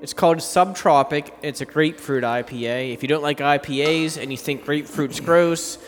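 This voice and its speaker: A man's voice: fairly high pitch, moderate pace. A man in his thirties co-hosting a podcast, telling stories and reviewing beer in a chatty way. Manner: storytelling, chatty, laughs easily. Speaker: podcast co-host. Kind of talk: casual beer review chat. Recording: long reverb with faint music.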